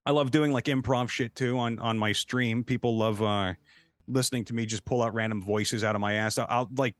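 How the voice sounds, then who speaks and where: Man, voice actor guest, cursing loosely, rambling anecdotes, mid-pitched voice, dry close sound. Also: brisk, no echo. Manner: profane, rambling, animated storyteller. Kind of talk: casual podcast storytelling.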